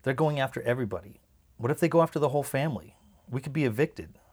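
A man's voice: medium pitch, lively intonation, fast talker, husky, voice pushed up. A man reading the part of a worried, anxious mother who pleads and repeats herself. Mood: fearful. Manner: pleading, insistent repetition. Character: worried anxious mother, middle-aged woman.

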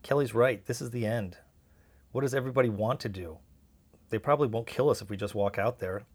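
A man's voice: on the low side, a little fast, husky. A man reading aloud and voicing the protective leader of a small found family, giving urgent orders. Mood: earnest. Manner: urgent, commanding.

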